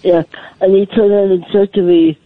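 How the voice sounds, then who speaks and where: High-voiced Scottish caller on a phone line. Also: male voice, little pitch movement, dry recording. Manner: hesitant, halting.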